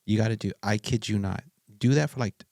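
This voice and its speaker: A man hosting a podcast, chatty and excitable, with slang and restarts. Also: fairly low pitch, a little fast, gravelly, no room sound, clean studio sound. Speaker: podcast host. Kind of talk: casual interview conversation.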